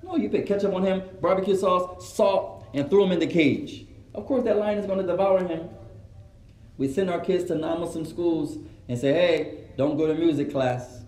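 A high, mellow male voice, teaching an animated religious lesson to a seated audience. He acts out quoted voices and drops in Arabic phrases. The room gives the voice a roomy echo. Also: normal speed. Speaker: Islamic teacher. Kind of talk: religious lesson to a live gathering.

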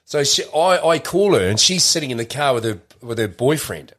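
A man's voice: mid-range voice, big pitch swings, fairly quick, fairly bright tone. A man, telling a long personal story in casual chat, rambling with many restarts. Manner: rambling, restarts often, acts out quotes.

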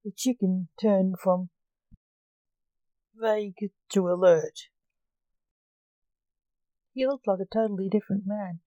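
A woman reads a storybook aloud in a plain, measured way. Her voice is mellow and low-key, the pace slow, and the sound close and dry with no room around it. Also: no echo, dull audio. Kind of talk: storybook reading.

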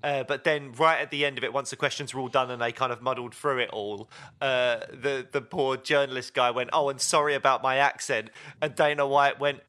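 Bright-voiced man, chatty podcast co-host. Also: medium pitch, brisk. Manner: chatty, lots of fillers, animated storytelling. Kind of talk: casual chat.

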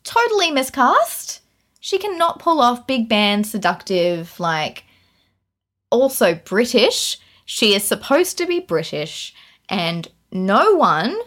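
A woman co-hosting a podcast, ranting in a casual, incredulous way about a film. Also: medium pitch. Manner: animated, incredulous, ranting with laughs. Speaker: podcast co-host. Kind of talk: casual film review chat.

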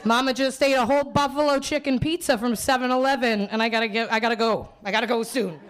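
A woman stand-up comedian from Winnipeg, Canada, performs before a live audience in a high voice, talking fast with fairly even intonation. Hungover, she rambles and puts herself down, laughing often and slipping into put-on voices when quoting people.

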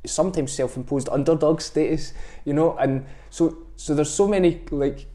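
A man's voice: on the high side, normal speed, mellow. A Scottish man speaking as a podcast guest, thoughtful and reflective, often restarting his sentences. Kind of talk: reflective conversation.

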